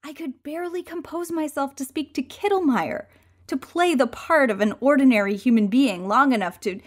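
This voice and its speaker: A woman reading a first-person audiobook, expressive and moving between hushed and excited passages. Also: high-pitched. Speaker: audiobook reader.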